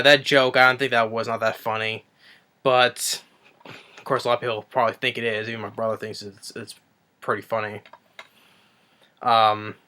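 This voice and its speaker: A man's voice: medium pitch, pushed and bright. A man giving a casual spoken movie review, rambling with frequent restarts and self-corrections. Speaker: film reviewer.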